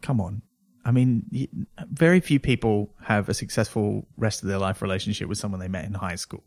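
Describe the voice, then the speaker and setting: Man, podcast co-host, animated casual talk, lowish voice, dry close sound. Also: brisk, gravelly, no room sound. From Australia. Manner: animated, pitch jumps up when excited. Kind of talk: casual chat.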